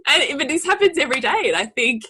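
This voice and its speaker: A woman's voice: high-pitched, quick pace. A woman in her forties, co-hosting a casual podcast chat and telling family stories animatedly with frequent laughter. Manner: animated storyteller, laughs often, swears casually. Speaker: podcast co-host.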